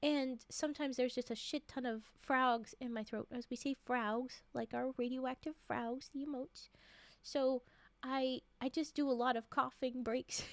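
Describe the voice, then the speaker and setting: A high-voiced woman talks loosely and softly with her stream viewers, full of fillers and quick laughs. The sound is close and dry. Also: no room sound. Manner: chatty and rambling, with frequent laughs and filler words; soft-spoken, drifting into quiet murmurs. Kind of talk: casual chat with stream viewers.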